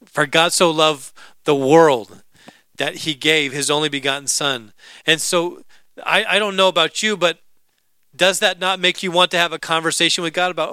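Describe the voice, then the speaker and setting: A male pastor preaching a sermon in a conversational, joking way, slowing down to stress scripture. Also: fairly high pitch, fairly even intonation, sharp tone, clear, resonant tone, no room sound.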